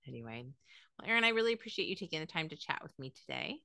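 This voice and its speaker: Low-voiced chatty woman podcast host. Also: sing-song, racing, vocal fry, pushed and bright, dry recording, studio quality. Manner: chatty, rambling, laughs often. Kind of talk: casual chat.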